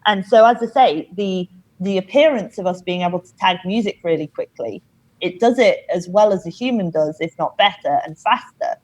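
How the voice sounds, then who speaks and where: A woman guest on a podcast, explaining things in a measured way with many "you know"s. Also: mid-range voice, darkish tone, low-quality recording. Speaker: company founder, podcast guest. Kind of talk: casual interview talk.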